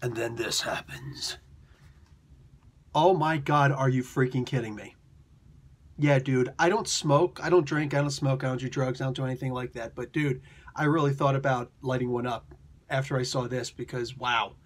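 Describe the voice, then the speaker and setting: A man casually reviewing a comic book, chatty and animated, slipping into quick character voices. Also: mid-range voice. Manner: chatty, with many fillers and restarts.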